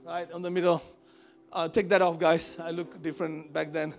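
A pastor from Asia preaches to his church in a high, gravelly voice. He tells his story in a lively, chatty way and acts out the voices he quotes. Soft music plays faintly behind him. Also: moderate pace. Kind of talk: sermon with personal storytelling. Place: church service before a congregation.

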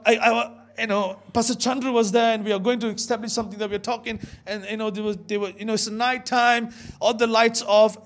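High-voiced young guy preaching, emphatic, keeps repeating himself and calling out to the church. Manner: animated, emphatic, repeats words, calls out to the congregation. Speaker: pastor. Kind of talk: sermon with storytelling.

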